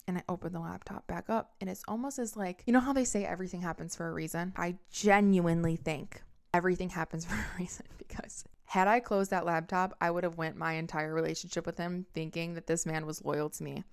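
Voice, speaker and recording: A woman's voice: on the low side, gravelly, smooth. A young woman hosting a podcast, telling a personal story in a candid, intense monologue full of swearing. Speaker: podcast host.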